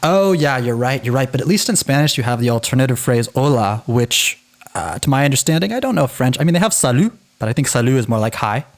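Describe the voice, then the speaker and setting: Male co-host, casual podcast chat, animated delivery with restarts, mid pitch. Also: fast talker. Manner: animated, self-interrupting.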